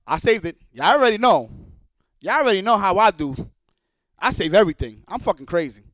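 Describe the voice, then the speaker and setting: A man's voice: high voice, big pitch swings, normal speed, long pauses, fairly bright tone, dry recording. A man streaming a heated, profane rant, repeating his points with anger. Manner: angry, profane, repetitive.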